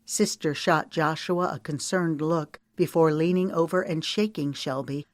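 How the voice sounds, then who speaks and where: A woman narrating an audiobook in a steady, measured storytelling manner. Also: fairly low pitch, dry recording, studio quality.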